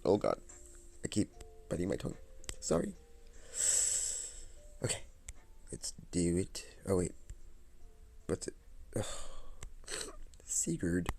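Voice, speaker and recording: Male streamer, very low, gravelly voice, mumbling asides into a phone mic. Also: bright, forceful tone, slight background noise. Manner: muttering to himself while fiddling with settings. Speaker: live streamer. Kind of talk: rambling live-stream chat.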